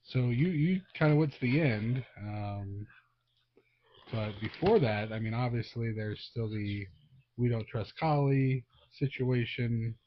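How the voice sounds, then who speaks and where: A man's voice: mid-range voice, unhurried, a little hiss or hum. A man co-hosting a casual movie review podcast as a father, easygoing and asking clarifying questions. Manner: relaxed, affirming, asks clarifying questions. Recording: dull lo-fi recording.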